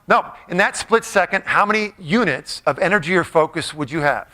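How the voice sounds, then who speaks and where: High bright man joking with a crowd. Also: lively intonation, brisk. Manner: playful, jokey, quizzes the crowd. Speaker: motivational speaker. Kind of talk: live audience talk. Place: large room with a live audience.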